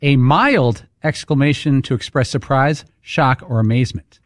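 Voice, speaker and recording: A man on a talk show's crew, dropping dry, deadpan asides into the casual banter. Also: medium pitch, normal speed, no echo. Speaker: show crew member.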